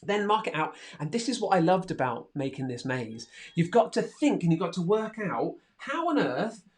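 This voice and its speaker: Lively man hosting a kids' craft show. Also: high-pitched, normal speed. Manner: lively, encouraging, excitable commentary. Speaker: co-host.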